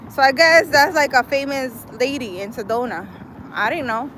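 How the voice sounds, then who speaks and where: The audio is rough, with slight background noise, as a woman with a high, somewhat bright voice talks at normal speed. She's a vlogger reading live chat on a walk through a city park, rambling casually with lots of "like" and "I don't know."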